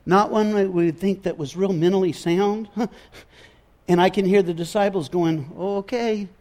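A man preaching a sermon, telling the story in an animated, conversational way with casual asides. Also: high voice, normal speed. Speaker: pastor.

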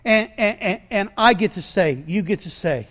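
A male pastor preaching a sermon, swinging from hushed, low lines to loud, shouted ones, with repeated stammering restarts. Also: animated, normal speed.

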